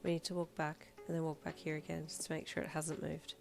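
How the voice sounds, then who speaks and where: A woman doing a shy deadpan teen girl. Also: deep voice, fairly quick, creaky, faint music behind. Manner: quiet flat deadpan delivery. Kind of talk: fan fiction audiobook reading.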